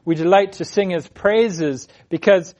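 A male preacher delivers a verse-by-verse sermon with earnest conviction. His voice sits a little higher than most men's. He leans hard into key phrases and swells louder on them. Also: measured pace, dull audio. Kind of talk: expository sermon.

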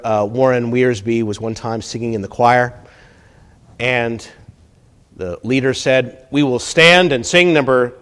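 A middle-aged or older man preaching a sermon, swinging between hushed and emphatic delivery and repeating key phrases. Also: mid-range voice.

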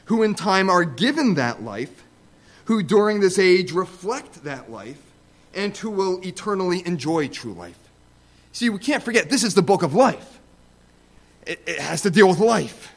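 A man preaching a sermon, speaking conversationally with asides and building to loud, emphatic repeated stresses. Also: high voice, sing-song, a little slow.

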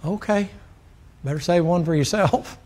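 A man's voice: high-pitched, normal speed, darkish tone. Blunt folksy Southern preacher man. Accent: Southern American. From Southern United States. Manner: folksy, blunt, fervent, with many rhetorical questions. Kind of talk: sermon.

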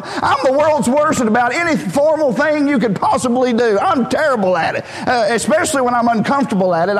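High-voiced folksy preacher. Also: male voice, long reverb tail. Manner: folksy, blunt and self-deprecating, joking with the congregation. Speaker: pastor. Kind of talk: sermon. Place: church sanctuary.

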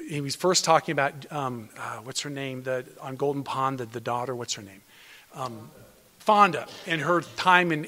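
A man preaching a sermon to his congregation as a pastor, swinging between loud emphatic lines and hushed near-whispers. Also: a little high. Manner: addresses congregation as brothers and sisters. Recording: long hall reverb.

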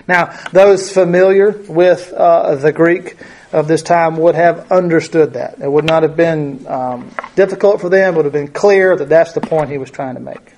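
A man's voice: a little high, normal speed, darkish tone, slight background noise. A man teaching a Bible study lesson, reading verses aloud and explaining them in a conversational way, with many fillers and rhetorical questions.

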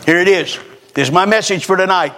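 A man preaching a revival sermon, swinging between loud exhortation and hushed scripture reading, full of folksy rhetorical questions. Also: high voice, brisk, a little hiss or hum.

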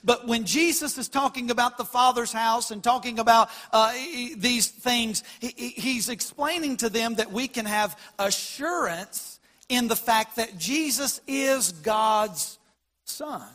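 Male pastor with a high voice, delivering an animated sermon with a long hall reverb behind him. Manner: animated preaching, swells loud on quoted scripture.

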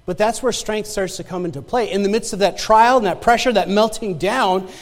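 A man with a notably high voice preaches a sermon, blending scripture with his own testimony, speaking a little fast. His style is conversational, with stammering restarts and phrases repeated for emphasis. The long reverb of a large hall surrounds his voice.

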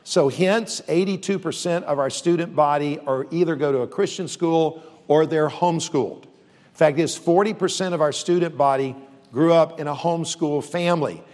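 A man's voice: on the high side, moderate pace, a little mellow. A man who leads a university, speaking earnestly and steadily to a church audience, with frequent fillers and restarts. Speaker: university leader. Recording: long reverb.

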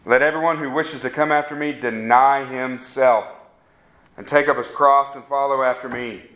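A man's voice: medium pitch, fairly even intonation, normal speed, a bit bright. A man preaching a sermon, making earnest, pleading appeals to his listeners.

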